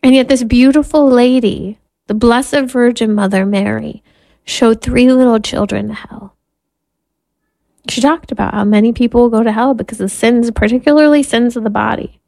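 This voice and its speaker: A woman's voice: a little high, moderate pace, creaky, pauses often, dark tone. A woman in her thirties, a Catholic mother, telling a candid personal story in an earnest way and laughing at herself now and then. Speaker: Catholic mother and podcast host.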